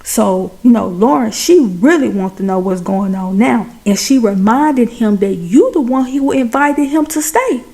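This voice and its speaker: A woman giving a chatty, animated recap of a TV drama, talking straight to her viewers. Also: on the high side, unhurried, hardly any pauses. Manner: chatty, addresses viewers as y'all and baby; animated, exclaims over plot twists. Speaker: TV show recapper.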